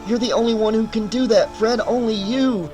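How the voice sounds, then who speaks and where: A man narrating a horror audiobook in an expressive, emphatic way, sometimes rising into loud cries. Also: sits high, normal speed, soft background music, rough recording. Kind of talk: dramatic audiobook reading.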